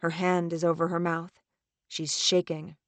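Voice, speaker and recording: A woman narrating a suspenseful first-person audiobook in a tense, measured reading. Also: fairly low pitch, flat delivery, no echo.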